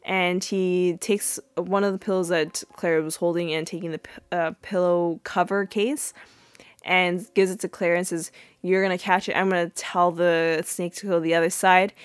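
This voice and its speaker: A woman hosting a podcast, casually recapping a TV episode with many fillers and sudden high-pitched acted-out quotes. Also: little pitch movement, moderate pace, smooth, dry recording. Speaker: podcast host.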